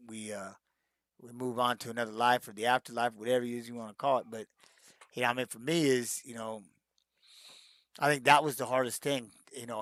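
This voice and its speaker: A man's voice: medium pitch, a bit bright, dry recording. A middle-aged man speaks in a plain mid-range voice, recorded close and dry with no room sound. He rambles through fan questions in a casual stream chat, restarting his sentences and dropping in "man" and "you know." He sounds like a retired fighter looking back on his career.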